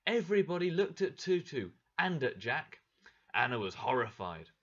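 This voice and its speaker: In a slightly dull, lo-fi recording, a man narrates a graded story for English learners at a moderate pace. He reads clearly and expressively, his pitch rising and falling a great deal.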